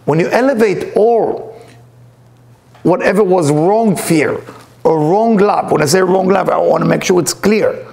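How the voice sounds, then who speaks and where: Gravelly animated spiritual teacher. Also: male voice, high voice, unhurried, slight background noise. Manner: animated, acts out voices in his stories; uses non-native English grammar. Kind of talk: storytelling lecture.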